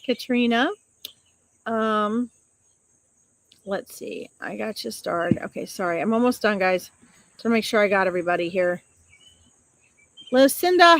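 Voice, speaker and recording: A woman's voice: on the high side, a bit bright, no room sound. A woman hosting a psychic live stream outdoors, chatting casually and affectionately as she reads out viewer comments and greets them with pet names.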